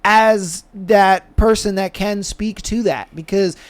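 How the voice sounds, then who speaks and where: A man's voice: high-pitched, fairly even intonation, slow. A man hosting a podcast in casual, slangy chat, swearing freely and leaning on fillers. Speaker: podcast host.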